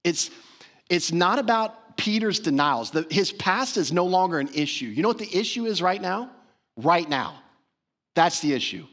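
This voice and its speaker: A man's voice: high voice, expressive, normal speed, a bit bright. A man preaching a sermon as pastor, earnest and emphatic, repeating phrases for stress. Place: church sanctuary.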